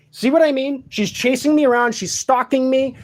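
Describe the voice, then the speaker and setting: A sleep-deprived man rants late at night in a room of a shared home, agitated, profane, and repetitive. His voice is extremely high, with fairly even intonation and a measured pace.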